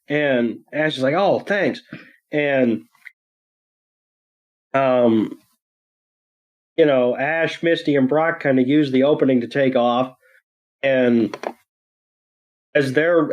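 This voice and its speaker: Male co-host, casual cursing recap, mid pitch, slightly muffled sound. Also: takes it slowly, pauses often, darkish tone. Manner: laid-back, profane storytelling. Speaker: podcast co-host.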